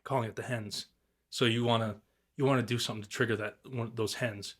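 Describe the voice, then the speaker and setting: A man's voice: mid-range voice, steady tone, brisk, fairly bright tone, breathy edge. Laid-back man telling hunting stories. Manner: rambling, laid-back storytelling with swearing and mimicked turkey calls. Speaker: guest turkey hunter. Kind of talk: casual podcast chat.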